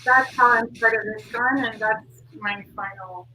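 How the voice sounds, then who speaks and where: Woman interview guest, earnest and casual, crisp bright tone, faint background hiss. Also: a little high, unhurried. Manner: earnest, heavy use of "like" fillers. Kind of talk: candid conversational interview. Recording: distant mic with faint noise.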